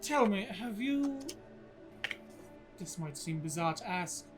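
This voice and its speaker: A regal, courteous stranger from a dream, formal and quietly curious, as a man game master puts him on. Music plays under the voice. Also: sits high, expressive, takes it slowly, voice pushed up.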